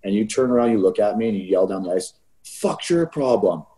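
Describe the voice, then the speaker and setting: A former hockey player chatting casually on a podcast, his voice low and mellow. He tells stories with animation and acts out other people's lines. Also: rapid-fire, poor audio. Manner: animated storyteller, laughs often, acts out quotes. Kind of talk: casual chat.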